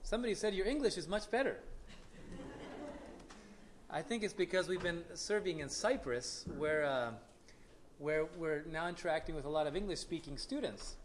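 Man with a slightly high voice, halting. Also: a little hiss or hum. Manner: relaxed, with frequent "uh" pauses. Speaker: missionary speaker. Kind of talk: casual church talk with a prayer.

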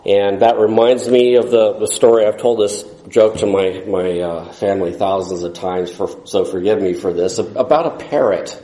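Man, sermon, folksy, rambling, low voice, echoey room. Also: normal speed, hardly any pauses, mellow. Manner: folksy, rambling, jokes and chuckles. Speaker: preacher.

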